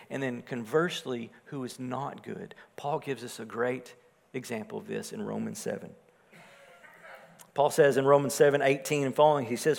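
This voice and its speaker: A man preaching a sermon, swelling louder on his points and dropping soft and low on key phrases. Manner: rises in volume for emphasis, drops low and soft on key phrases. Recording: long hall reverb.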